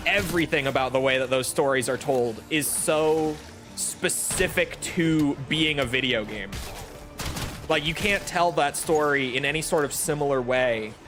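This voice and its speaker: A man giving casual gameplay commentary, chatty and rambling, often correcting himself mid-sentence. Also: mid-range voice. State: has the hiccups. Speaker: gaming streamer.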